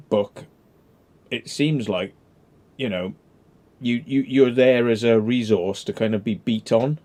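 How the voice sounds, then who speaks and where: A man's voice: medium pitch, warm tone. A man in casual chat who talks hesitantly, repeating words and swearing casually.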